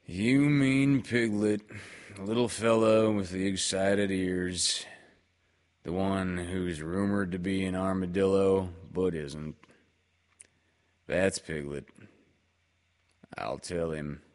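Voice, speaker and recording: A man voicing a gloomy old male donkey who speaks slowly, low and sighing, in a storybook reading. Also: fairly even intonation, darkish tone. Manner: slow, low, sighing delivery.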